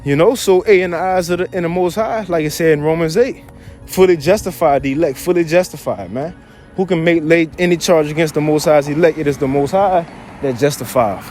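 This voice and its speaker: Man with a high voice, loose slangy Bible teaching over faint music. Animated delivery. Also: a little fast. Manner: slangy, animated, reads verses then riffs on them. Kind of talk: casual scripture teaching.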